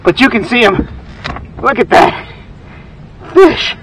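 A man hosting a fishing vlog outdoors on a lake, excitable and exclaiming, and out of breath. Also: extremely high pitch, slow pace, far from the mic, a little hiss or hum, rough recording. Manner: excitable, exclaiming, laughing often. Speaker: fishing channel host.

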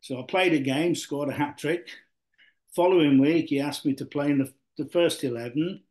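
An older man from Yorkshire tells long, meandering stories as an interview guest, his voice sitting a little high for a man. He stumbles into restarts and fillers as he goes and keeps a relaxed storytelling pace. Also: moderate pace. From Yorkshire, England. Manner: rambling with many fillers and restarts. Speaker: guest, former footballer.

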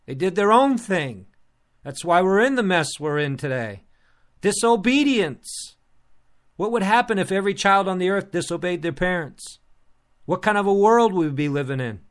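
A man preaching a sermon in an earnest, repetitive style, restarting phrases as he presses his point. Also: a little high.

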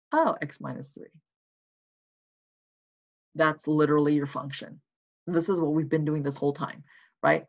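A math teacher casually talking through worked problems in a recorded lesson, thinking aloud while writing and checking in with listeners. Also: mid-range voice. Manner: encouraging and reassuring. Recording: slightly muffled lo-fi recording.

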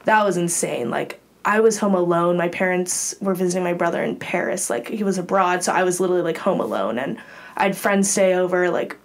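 A woman's voice: lowish voice, animated, a little fast. A young adult woman, a college gymnast, telling a candid personal story as a podcast guest in an earnest way, with many fillers.

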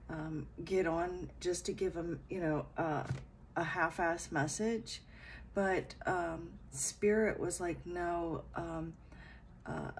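A tired woman giving a casual late-night spiritual talk at home, speaking softly and hesitantly with many fillers, then guiding a meditation. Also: lowish voice, a little hiss or hum, poor audio. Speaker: spiritual reader.

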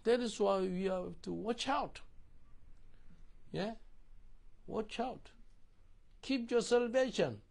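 Husky man preaching with animated lilt. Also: high voice, slow, long pauses. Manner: animated, call-and-response preaching in non-native English. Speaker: pastor. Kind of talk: sermon.

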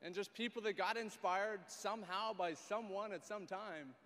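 A man's voice: high-pitched, normal speed, a bit bright. A man hosting a youth summit on stage, upbeat and rallying the audience for applause. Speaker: event host. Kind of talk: emcee hyping crowd. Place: large arena stage. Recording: long arena reverb, crowd and noise.

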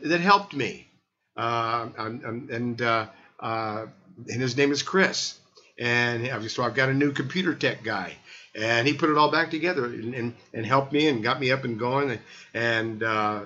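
A man's voice: medium pitch, bright, forceful tone. Rambling older man on a dull lo-fi line. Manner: rambling, many restarts and fillers. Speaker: health show host. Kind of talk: casual radio talk.

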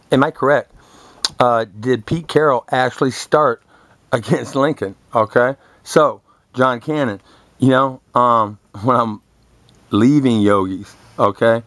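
A man's voice: mid-range voice, a bit bright, no room sound. Boastful, foul-mouthed young man ranting. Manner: boastful, crude and confrontational, swearing constantly. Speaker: vlogger. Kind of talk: profane rambling monologue to camera.

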